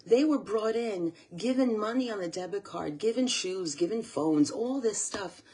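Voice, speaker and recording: With a mid-range, animated voice that's a little mellow and slightly rough, a woman from the USA talks at normal speed to her channel's camera. Her monologue is earnest and tearful, full of repeated phrases.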